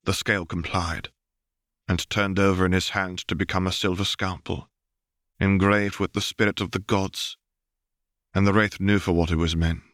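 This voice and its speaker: A man narrates a story in a low, deep voice, steady and even. The recording is close and dry, with no room sound. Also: moderate pace, dry recording. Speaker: audiobook reader. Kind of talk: fanfiction audiobook narration.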